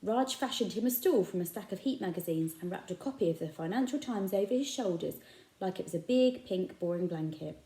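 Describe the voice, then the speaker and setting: A woman's voice: fairly low pitch, fairly quick. A woman reading a children's novel aloud, telling it with expression. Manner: expressive storytelling. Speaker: reader. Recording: echoey room.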